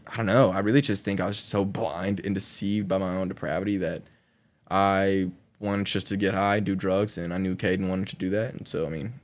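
A man's voice: low-pitched, steady tone, fairly quick. A man from Oklahoma telling his own story on a podcast, rambling with many fillers and breaking into laughs between sentences. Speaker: guest sharing his testimony.

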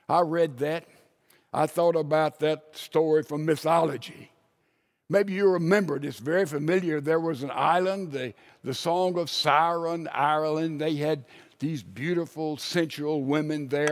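A preacher with a somewhat high voice tells stories from the pulpit. He swings between loud emphasis and hushed, quiet lines as he builds his point. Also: fairly even intonation, moderate pace. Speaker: pastor. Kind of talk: sermon.

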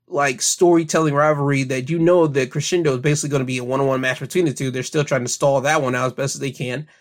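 A young man hosting a podcast, casually recounting wrestling events with frequent fillers. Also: fairly high pitch. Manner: recounts events in future tense, filler-heavy. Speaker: podcast host.

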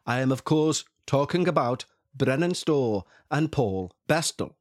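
Chatty joking guy introducing the next show, mid pitch, dead dry sound. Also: expressive, unhurried, dry recording. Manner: jokey, rambling, self-mocking. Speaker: podcast host. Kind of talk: casual chat.

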